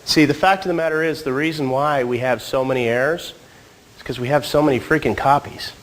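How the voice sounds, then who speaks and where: A man's voice: mid-range voice, fairly quick, poor audio. A married man with a cold, giving a casual church talk with joking asides to the audience. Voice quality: slightly husky from a cold. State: getting over a cold. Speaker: church speaker. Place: church hall.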